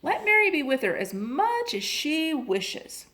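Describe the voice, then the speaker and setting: A woman voicing a kindly older woman who calmly reassures a worried mother in a storybook reading. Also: high-pitched, a little slow, voice pushed up, full character voice. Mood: reassuring. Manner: reassuring, matter-of-fact.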